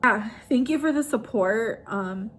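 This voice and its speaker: Chatty woman vlogging, higher voice. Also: unhurried, fairly bright tone, slight background noise. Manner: chatty, emotional, heavy use of "like". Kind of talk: casual personal vlog.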